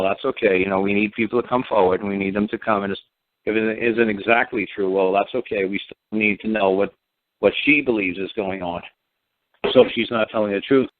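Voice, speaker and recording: A man's voice: fairly low pitch, fairly even intonation, fairly quick. A man with a New York accent talking in a blunt, profane, rambling way on a radio call-in show. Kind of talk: casual radio call-in talk. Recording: dry phone-line audio.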